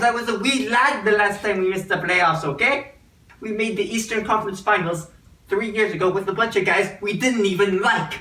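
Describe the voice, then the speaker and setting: A man's voice: on the high side, fairly bright tone, natural voice. A man voicing a boastful male team representative in an exaggerated fake Irish brogue, in a roomy room away from the mic. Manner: brash salesman patter, slow emphatic delivery. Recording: roomy echo, mic at a distance.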